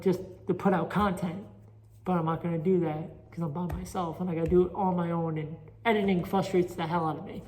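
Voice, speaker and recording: This amateur stand-up comic hosts his own solo podcast, speaking in a New York Italian accent with a voice that sits high and carries a darkish tone. His casual monologue is rambling and restless, full of self-deprecation about his stand-up. The phone recording has an echoey, chamber-style reverb.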